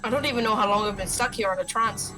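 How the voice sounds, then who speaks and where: A woman streamer reading a story game aloud with expressive commentary and swearing. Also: medium pitch, music in the background, poor audio. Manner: expressive, swearing, quick reactions.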